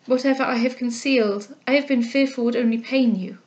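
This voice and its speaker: A woman reading a novel aloud, voicing a kind, composed young heiress who speaks in a gentle, measured way. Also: high voice, steady tone, muffled recording, natural voice. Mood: gentle, earnest.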